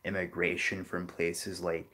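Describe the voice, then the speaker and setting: Deep-voiced man explaining at a rambling pace. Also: little pitch movement, a little slow, pushed and bright. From New Orleans area, Louisiana. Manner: loose, rambling delivery with many "you know" fillers. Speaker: geography video host. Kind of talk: unscripted explanatory talk.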